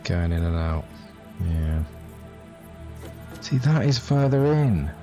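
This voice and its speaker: Low-voiced man chatting through a game stream. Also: sing-song, slow pace. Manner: rambling, self-deprecating, jokey. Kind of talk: casual gameplay live stream chat. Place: home setup, streaming off a laptop. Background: game music.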